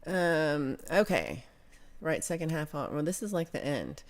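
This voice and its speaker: An American woman hosts a livestream, chatting loosely, reading viewer comments out loud and swearing casually as she rambles. Her voice is low-pitched and sing-song, and she talks a little slowly.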